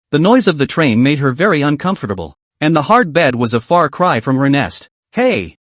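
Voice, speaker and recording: A man reading scripted story narration in a steady storytelling manner. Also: on the high side, no echo.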